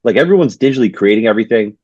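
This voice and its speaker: Husky low guy chatting comics, kinda muffled lo-fi mic, stops n restarts a lot. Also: expressive, very fast, mellow, dry recording. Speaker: podcast co-host. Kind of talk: casual chat. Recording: dull lo-fi mic.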